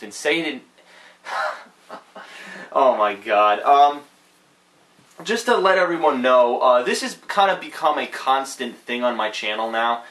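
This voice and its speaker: A man's voice: medium pitch, sing-song, a little slow, long pauses, fairly bright tone. Profane, rambling man reading fan mail. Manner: rambling, profane, stumbles over misspelled messages. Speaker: channel host answering fan mail. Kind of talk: casual chat, reading messages aloud. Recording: roomy echo.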